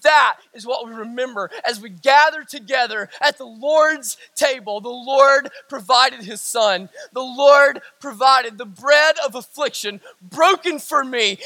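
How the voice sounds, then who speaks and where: A middle-aged male pastor preaching in a church, his voice unusually high and bright. He builds through emphatic, repeated lines and sinks low and hushed when he tells a story. The sound is dry and close. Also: no room sound. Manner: preaching with rising emphatic repetition; drops low and quiet for stories. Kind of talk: sermon.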